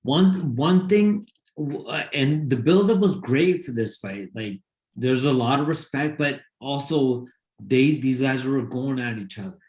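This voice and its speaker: Male podcast co-host, casual sports talk, excitable and rambling, mid-pitched, roomy echo around him. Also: measured pace. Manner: rambling, excited, talks in bursts.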